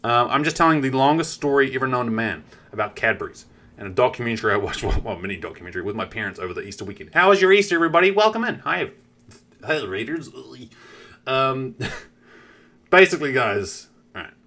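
Male streamer, bright voice, lively pitch, casual storytelling, swears a lot. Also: fast talker. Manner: animated, swears freely, talks straight to chat.

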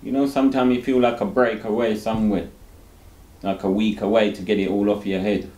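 A dialysis patient speaks candidly in an interview, his low-ish voice level, fairly quick, and darkish in tone. He rambles, tags lines with "you know," and often laughs ruefully, all with a roomy echo.

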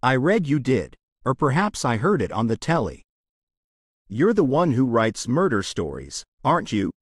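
A blunt, sturdy thirteen-year-old girl, as a male narrator reads her lines in an audiobook. She asks forthright, nosy questions, and her pitch moves in a lively way. The sound is close and dry. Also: normal speed, husky, no room sound.

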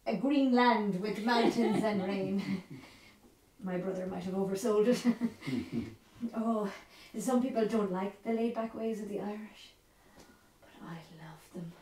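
An actress playing a lively Spanish woman who has moved to Ireland, with a Spanish accent, telling her story in a one-woman theatre monologue with lots of playful laughter. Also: mid-range voice, measured pace, distant mic, natural voice. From Spain. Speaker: stage performer. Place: theatre stage. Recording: roomy stage sound from afar, faint music.

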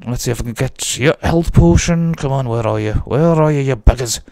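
A man's voice: medium pitch, a little slow, gravelly, dark tone, no room sound. A man giving chatty, jokey commentary as he plays a game and talks to himself. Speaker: let's play host. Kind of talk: casual gameplay commentary.

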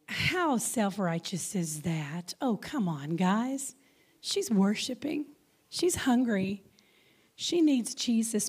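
Lively Texan woman preaching. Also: a little high, a little slow, breathy edge. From Texas. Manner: lively, conversational preaching with dramatic whispers. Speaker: guest speaker. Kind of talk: sermon.

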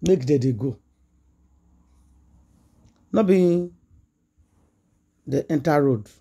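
Woman, Nigerian accent, gossip vlogger, husky, mellow tone, dramatic retelling with quoted voices. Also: low-pitched, animated, very slow. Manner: acts out quoted dialogue in a chatty, dramatic way. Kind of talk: retelling a story in Pidgin English.

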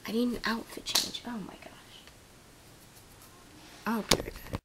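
American woman, jokey sketch vlogger, slow and giggly, often whispers; noisy home recording. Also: fairly high pitch, little pitch movement. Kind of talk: comedy sketch vlog.

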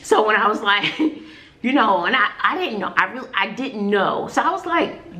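A woman's voice: mid-range voice, animated, moderate pace, bright, forceful tone. Chatty, rambling woman vlogger. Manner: rambling, chatty, laughs often, trails off. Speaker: vlogger, single mom. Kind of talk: casual chat to viewers. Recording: roomy echo.

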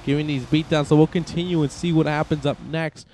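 A young man commentating his own wrestling video game, excitable and joking, swearing often. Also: on the high side, a little fast, a little hiss or hum. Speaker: gaming channel host. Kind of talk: casual gameplay commentary.

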